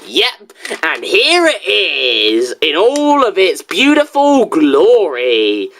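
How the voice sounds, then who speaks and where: A teenage boy reviewing a video game, talking casually and reacting to another video with quick, animated asides. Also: sits high, slight background noise.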